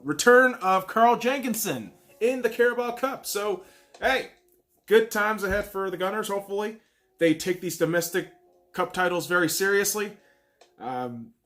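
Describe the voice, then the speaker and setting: A man hosting a casual solo football podcast, excitable and profane, swinging from loud bursts to quiet mumbles. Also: on the high side. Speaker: podcast host.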